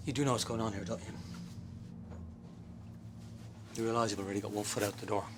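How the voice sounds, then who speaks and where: An actor with an Irish accent playing a mocking police officer who turns defensive and insistent, in a TV crime drama. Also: male voice, fairly low pitch, steady tone, rapid-fire, close to an everyday voice. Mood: taunting. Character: sly, taunting male police officer. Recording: clear background noise.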